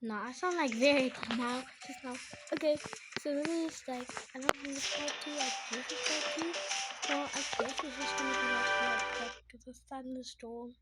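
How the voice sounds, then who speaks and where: A woman's voice: high-pitched, normal speed, loud music behind the voice. A young female speaker rambling hesitantly while narrating a home-building game, with many restarts. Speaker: gameplay video maker. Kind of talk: casual gameplay narration with role-play.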